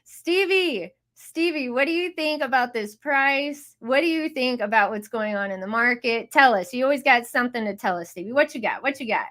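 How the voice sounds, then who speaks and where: Hyped high-voiced woman hosting. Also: animated, moderate pace, few pauses, a bit bright. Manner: hyped, exclamatory, chatty. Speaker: host. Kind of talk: casual live audio room hosting.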